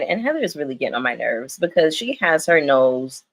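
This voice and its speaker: A young woman giving casual, animated livestream commentary on a reality show, laughing often. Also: low-pitched, moderate pace. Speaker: reality TV recap streamer.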